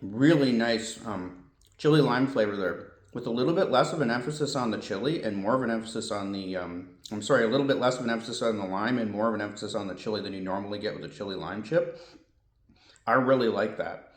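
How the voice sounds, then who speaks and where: A man's voice: on the low side, fast, reverberant. A man reviewing snacks and drinks in a casual vlog, chatty and thinking aloud, often correcting himself. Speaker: food reviewer.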